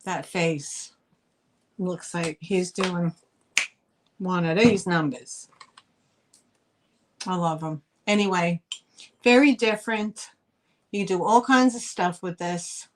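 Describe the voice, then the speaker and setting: A middle-aged woman with a lowish voice hosts a live online sale, speaking slowly and pausing often. She chats in a rambling, easygoing way and laughs easily while showing items, the talk staying casual throughout.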